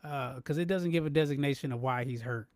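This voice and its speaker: A man hosting a live sports podcast, animated and emphatic, repeating himself and talking straight to his chat. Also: mid-range voice, brisk, dry recording. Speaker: podcast host. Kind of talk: live-stream sports talk.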